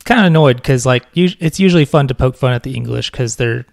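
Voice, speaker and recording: A young man rambles through relaxed podcast banter with a gravelly, fry-heavy voice. He jokes and laughs easily. The sound is dry and close, with no room echo. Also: medium pitch, quick pace. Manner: joking, rambling, laughs often. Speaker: podcast co-host. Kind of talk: casual chat.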